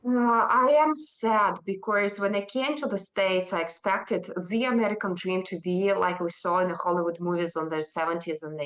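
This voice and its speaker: A Russian-accented woman in her thirties answers a news interviewer's questions. She speaks emphatically and earnestly, and her voice often leaps higher as she makes a point. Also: a bit bright, rough recording. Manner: emphatic and earnest, with sudden rises in pitch. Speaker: interview guest.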